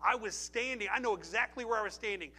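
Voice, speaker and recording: A man's voice: high voice, fast, sharp tone. A middle-aged man preaching a sermon, telling stories with emphasis and repeating phrases before an altar call. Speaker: pastor.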